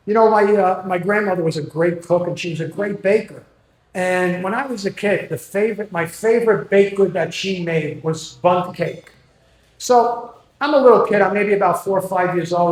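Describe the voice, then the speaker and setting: A man in his sixties doing an open mic stand-up set with wry, self-deprecating stories. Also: high-pitched. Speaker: stand-up comedian. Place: comedy venue with live audience. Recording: echoey room.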